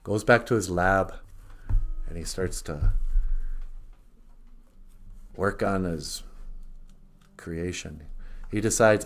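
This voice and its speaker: A man's voice: low-pitched, expressive, takes it slowly, long pauses. A man co-hosting a podcast, retelling a story casually and rambling, with many restarts. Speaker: podcast co-host.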